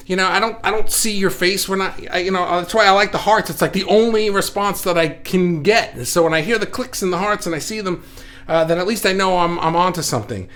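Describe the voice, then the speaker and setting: A man hosting a casual live stream, reading viewer comments aloud and thinking out loud with many restarts, recorded indoors under studio lights. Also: high-pitched, a little fast. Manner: rambling, self-correcting, reflective. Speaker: livestream host. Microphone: facing camera, reading viewer comments.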